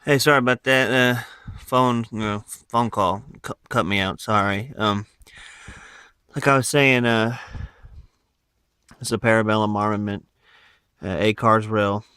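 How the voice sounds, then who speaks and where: Out of breath, a man rambles through his rifle add-ons in a casual phone-recorded show-and-tell, full of fillers and asides. His lowish voice is fairly even and measured, pushed and bright yet clean, with clean studio sound and no room sound.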